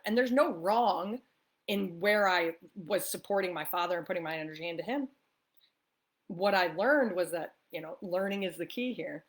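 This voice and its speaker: A woman who is a spiritual life coach, talking to camera in a casual coffee-talk monologue. She is upbeat and chatty, often tosses in "right?" and laughs easily. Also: mid-range voice. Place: the East Coast of the US.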